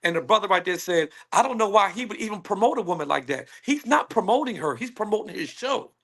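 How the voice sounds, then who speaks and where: A man speaking on a panel call, emphatic and animated, acting out what others say to him. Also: high voice, fast talker, vocal fry. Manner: animated, emphatic, acts out quoted women. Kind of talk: casual panel discussion. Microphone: phone on a call.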